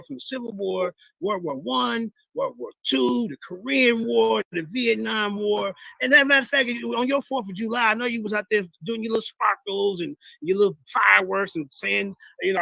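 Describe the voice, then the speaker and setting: A man's voice: sits high, creaky, pushed and bright. A man streaming live commentary on debate clips, boasting and mocking his opponents while talking to his chat. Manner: boastful, mocking, repetitive, addresses chat as "y'all".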